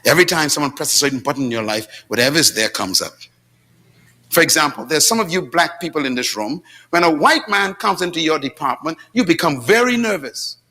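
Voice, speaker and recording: Lively bright-voiced preacher man. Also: fairly quick, husky. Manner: dramatic, shifting from shouts to low asides; storytelling with quoted dialogue. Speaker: pastor. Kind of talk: sermon. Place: church with congregation responding.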